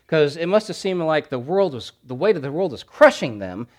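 A man preaching a sermon, building to loud emphatic repeated phrases, then dropping to quiet, soft lines. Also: fairly high pitch, lively intonation, normal speed, hardly any pauses. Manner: preaching with swelling emphatic repetition and dramatic drops to quiet. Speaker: pastor.

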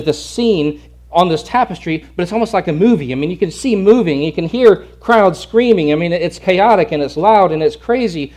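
Acting out a scene in his sermon, this preacher, whose voice is fairly high, moves between shouting and near-whispers, repeating words for dramatic effect.

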